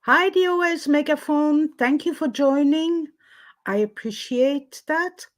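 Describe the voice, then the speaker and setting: A woman hosts a relaxed live chat from home, talking unhurriedly and greeting her viewers one by one. Her voice sits a little high, and she fills her pauses with plenty of ums and uhs. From Switzerland. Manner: chatty, greets viewers by name, many fillers. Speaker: livestream host. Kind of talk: casual live-stream chat.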